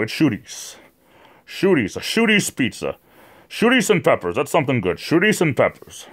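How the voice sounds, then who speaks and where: A man's voice: mid-range voice, a bit bright. A man from New England hosting a casual livestream, rambling and chatty, with many fillers and repeated words, talking to viewers in the chat by name. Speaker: livestream host.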